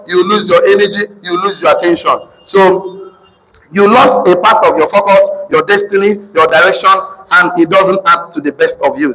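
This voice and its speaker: A man with a Nigerian accent giving an animated teaching talk, repeating points and slipping into pidgin. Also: high-pitched, long reverb tail, rough recording. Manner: animated, repetitive, mixes in pidgin. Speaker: motivational speaker.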